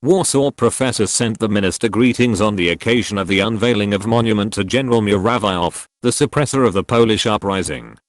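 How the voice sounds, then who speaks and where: A man narrating a historical audiobook in a measured, expressive storytelling manner, recorded close up in a booth. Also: on the low side, no room sound. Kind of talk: scripted narration.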